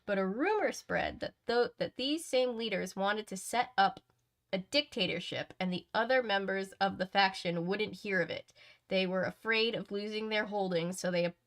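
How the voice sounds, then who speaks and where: A woman reading the lines of an earnest young male detective in a quick, plain read-aloud voice. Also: medium pitch, lightly acted. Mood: explaining.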